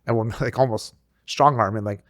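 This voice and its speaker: In clean studio audio with no room sound, a realtor with a mid-range voice talks fairly quickly during a casual podcast chat. He acts out other people's lines as he tells an animated story.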